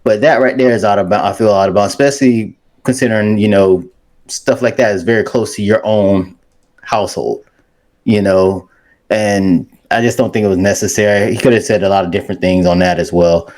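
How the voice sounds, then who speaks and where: Laid-back low-voiced male co-host. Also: fairly quick, a little mellow. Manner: laid-back, hedging with fillers. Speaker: sports show co-host. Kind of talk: casual sports talk.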